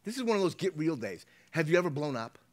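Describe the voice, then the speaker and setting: A man's voice: a little high, very animated, quick pace. A middle-aged man preaching a sermon as pastor, talking conversationally, repeating his words and checking in with his listeners.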